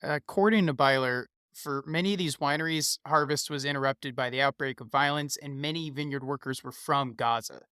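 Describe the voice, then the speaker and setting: A man's voice: medium pitch, fairly quick, hardly any pauses, pushed and bright, smooth, dry recording, clean studio sound. A young man co-hosting a podcast, affable and easygoing. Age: young adult. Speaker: podcast co-host. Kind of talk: casual news podcast chat.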